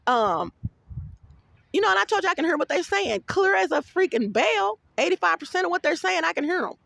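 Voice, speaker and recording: A woman's voice: extremely high pitch, sing-song, brisk, gravelly, a bit bright, dry recording. A woman giving a rambling casual vlog monologue. She tells her stories bluntly and profanely, with plenty of animation. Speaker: vlogger.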